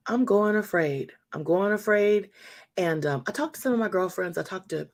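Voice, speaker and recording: A woman's voice: lowish voice, fairly quick. A woman in her fifties hosting a faith talk, telling a story to her listeners with emphatic repetition and calling them y'all. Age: 50s. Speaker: host.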